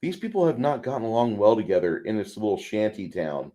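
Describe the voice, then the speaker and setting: A man's voice: on the low side, very animated, a little fast, dark tone. A man co-hosting a casual movie podcast, rambling with frequent restarts and putting on voices for quotes. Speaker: podcast co-host; truck driver.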